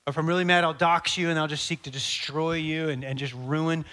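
A male pastor preaching a sermon, animated and conversational, acting out little scenes. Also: a little high, a little fast. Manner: animated, acts out dialogue, conversational asides.

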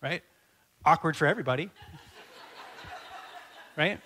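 A male pastor preaching a sermon, animated and conversational, acting out little scenes. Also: a little high, a little slow, slight background noise. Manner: animated, acts out dialogue, conversational asides.

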